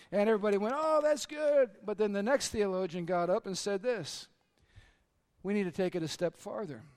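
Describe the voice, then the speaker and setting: A middle-aged pastor delivers a sermon full of earnest personal stories, his voice sitting high. He drops to a hush for confessions and rises again for the punchlines.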